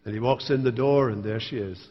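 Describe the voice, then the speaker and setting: A man's voice: mid-range voice, fairly quick, big-room sound, muffled recording. A man preaching a sermon as pastor, telling stories with wry humor. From Scotland. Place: church sanctuary.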